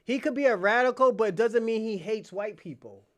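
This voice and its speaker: A man's voice: high-pitched, fairly quick. A man hosting a podcast live stream, bantering with chatters in a brash, mocking, profane way. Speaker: livestream podcast host. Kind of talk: casual live chat reacting to viewers.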